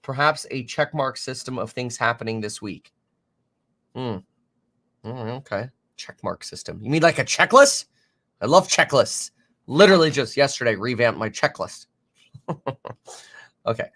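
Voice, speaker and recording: A man's voice: medium pitch, animated, a little slow, long pauses, fairly bright tone, no room sound. Rambling man hosting live market commentary. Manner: rambling, off-the-cuff, reacts to chat and headlines; many fillers and self-corrections. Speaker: finance livestream host.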